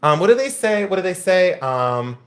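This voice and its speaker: A man's voice: high voice, very animated, normal speed. An American man hosting a live-stream sale, teasing viewers and rambling between lots. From United States. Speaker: live auction host. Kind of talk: casual live-stream sales chat.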